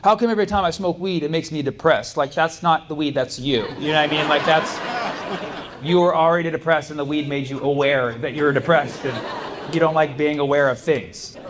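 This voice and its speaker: A man's voice: a little high, a little fast. A young man doing stand-up comedy at a club, talking in a loose, rambling way full of "like" and "you know". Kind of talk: stand-up comedy with crowd work. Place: comedy club stage before a live audience. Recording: live club recording with crowd noise.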